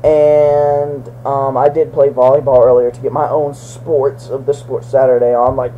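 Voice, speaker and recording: A young man talking casually to the camera in a goofy, joking way, breaking into loud outbursts. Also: medium pitch, little pitch movement, unhurried, hardly any pauses, slight background noise, rough recording. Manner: goofy, jokey, with sudden loud shouted bits. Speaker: vlogger. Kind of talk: casual video blog to his brother.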